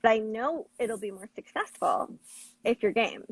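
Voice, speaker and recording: A woman's voice: a little high, lively intonation, normal speed, poor audio. A woman host explaining techniques in an earnest, coaching tone. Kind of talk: conversational teaching.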